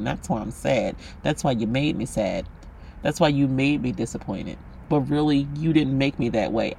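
A man hosts a solo podcast monologue in a fairly high, creaky voice with a darkish tone. He rants bluntly and passionately, swearing plenty and speaking emphatically straight to the listener. A little hiss or hum sits in the recording.

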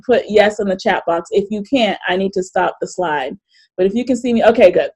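A middle-aged woman hosting a live online workshop over a video call, chatty and animated, often laughing and reading chat comments aloud. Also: a little high. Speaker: coach and webinar host.

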